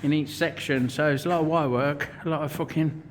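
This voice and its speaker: A man's voice: fairly high pitch, steady tone, a little fast, a little hiss or hum. A man, chatting bluntly and swearing a lot as he explains his metalwork in a vlog. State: out of breath at times. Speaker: vlogger and metal fabricator. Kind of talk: casual workshop vlog narration.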